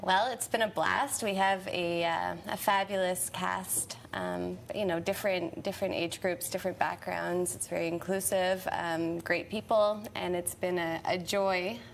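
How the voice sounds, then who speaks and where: A woman's voice: lowish voice, steady tone, unhurried, vocal fry, hardly any pauses, slight background noise. A woman who acts in a community play, chatting casually in a TV interview with many fillers and restarts.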